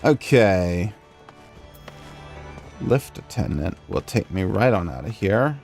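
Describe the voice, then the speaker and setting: A man's voice: low-pitched, very animated, slow, creaky, a little mellow, faint music behind. A man streaming a game, thinking aloud in a chatty, self-deprecating way. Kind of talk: casual gameplay commentary.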